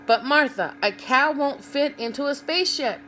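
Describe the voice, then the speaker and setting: A woman's voice: fairly high pitch, lively intonation, measured pace, fairly bright tone, a little hiss or hum, pitched above the performer's own voice. Woman doing a patient, pleading farmer. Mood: coaxing. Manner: coaxing, pleading reasoning. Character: patient, exasperated male farmer.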